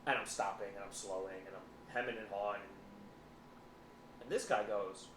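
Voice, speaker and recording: A man, a psychotherapist, talking in a casual podcast chat, telling animated stories and often repeating words as he goes. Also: fairly low pitch, a little slow. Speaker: psychotherapist guest. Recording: echoey room with faint noise.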